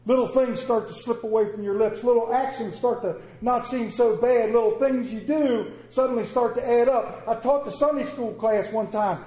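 A man's voice: very high voice, normal speed, few pauses, dark tone, echoey room, low-quality recording. A man preaching a sermon in a folksy, conversational way, slipping into quoted asides and everyday examples.

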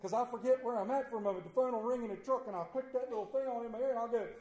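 A man preaching a sermon as pastor, telling folksy stories with emphatic swings in volume and pitch. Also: rapid-fire, a little mellow. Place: church sanctuary. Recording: echoey church sanctuary.

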